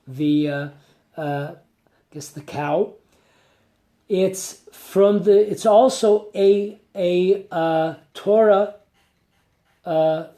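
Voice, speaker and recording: A man, a rabbi, giving a conversational Torah class with rhetorical questions and asides. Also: high voice. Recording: echoey room.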